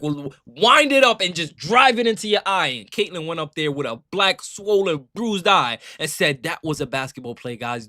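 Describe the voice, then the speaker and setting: Animated man ranting on his reaction channel. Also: sits high. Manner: animated, keeps asking "right?". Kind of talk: heated reaction rant.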